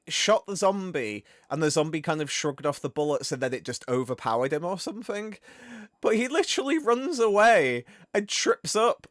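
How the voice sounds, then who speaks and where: A man hosting a game stream, chatting casually in a rambling, animated way. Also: sits high, no echo, clean studio sound. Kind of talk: casual chat.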